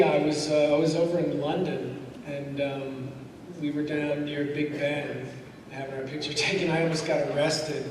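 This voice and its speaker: Laughing man telling stories in a hall. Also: fairly high pitch. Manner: animated anecdotes with quoted voices and laughter. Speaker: convention panel guest. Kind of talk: storytelling at a fan panel. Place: large convention hall. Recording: echoey hall mic from far off with noise.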